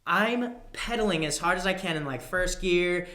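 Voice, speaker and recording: A man talks in a casual podcast chat, an animated storyteller who swears freely. His voice is bright and forceful, and the room around him is echoey. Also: sits high, normal speed. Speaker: podcast guest, personal trainer.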